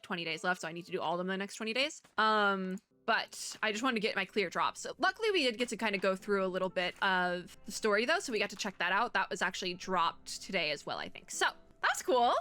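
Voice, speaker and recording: A woman's voice: medium pitch, pushed and bright, no room sound. A young woman giving casual, rambling commentary while playing a game, laughing often and using lots of fillers. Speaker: streamer playing and reading a game story.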